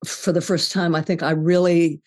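An older woman with a slightly low voice talks things through as a guest on a podcast. She is earnest and reflective and leans into her points with emphasis. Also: flat delivery, moderate pace. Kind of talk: podcast conversation.

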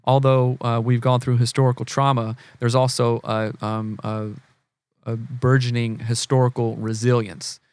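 A man's voice: mid-range voice, moderate pace, no room sound. A man in his forties from the US South with a Southern accent, a counselor earnestly explaining ideas in a casual podcast talk. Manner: earnest, animated, acts out quoted people. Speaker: guest, family counselor.

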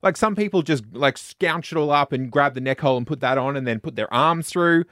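A man with an Australian accent, co-hosting a casual comedic chat with wry, deadpan one-liners. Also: on the high side, brisk, no echo, clean studio sound. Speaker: podcast co-host.

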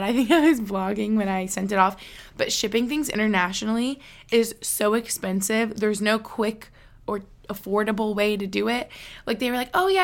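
A woman's voice: medium pitch, gravelly. A woman in her twenties hosting a podcast, talking casually and candidly, with lots of fillers and light laughs. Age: 20s. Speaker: podcast host. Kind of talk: casual solo podcast talk.

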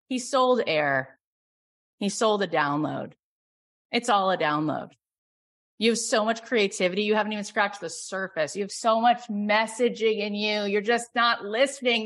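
Middle-aged woman coach, effusive sales pitch, builds to loud emphasis. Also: moderate pace. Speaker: coach and program host.

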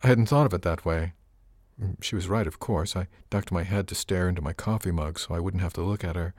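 A man with a very low, deep voice narrates a first-person audiobook. His delivery is measured and wry. The sound is dry and close, with no room around it. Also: a little mellow, dry recording.

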